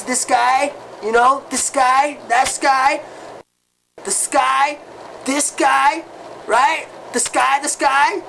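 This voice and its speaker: Woman rambling slow and excited, lots of swearing, far from mic, loud street noise. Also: mid-range voice. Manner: rambling and excitable, swears often, repeats "man" and "dude". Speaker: creator talking about a film project. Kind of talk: rambling casual monologue.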